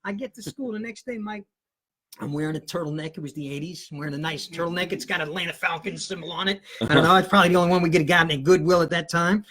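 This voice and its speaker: A man's voice: on the high side, fast. A man in his fifties, a podcast guest telling a rambling comic story and acting out the voices of the people in it. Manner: animated, rambling storyteller who acts out voices.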